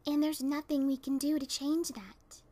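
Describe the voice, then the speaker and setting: A woman's voice: high-pitched, fairly even intonation, normal speed, dark tone, pitched above the performer's own voice, natural voice. A woman voicing a cheerful, sheepish adult mare who works as a mail carrier, in a fan reading of a pony story. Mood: apologetic.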